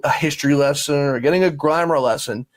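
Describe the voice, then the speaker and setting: A man in casual chat, telling lively workplace stories and laughing often as he acts out quotes. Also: a little high, quick pace, dry recording.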